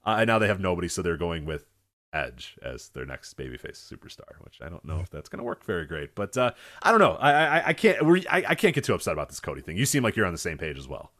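A man hosting a podcast in casual chat, rambling and animated, with lots of restarts and filler words, casually swearing and acting out quoted voices. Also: low voice, fast. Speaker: podcast host.

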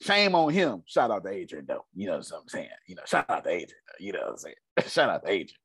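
A man hosting a group call as a business coach, animated, laughing often and repeating his key points. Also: low voice, fast talker, slightly rough, dry recording, clean studio sound.

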